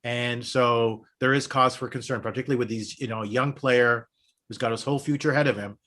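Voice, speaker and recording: A man's voice: mid-range voice, steady tone, a little fast, pushed and bright. Earnest man arguing a hockey point. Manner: earnest, argues his point at length. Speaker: podcast co-host. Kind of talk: casual sports chat.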